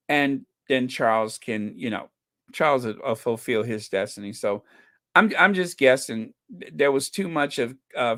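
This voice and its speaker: A man hosting an online channel, chatting casually and reading out viewer comments with opinionated, mocking asides. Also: mid-range voice. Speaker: channel host.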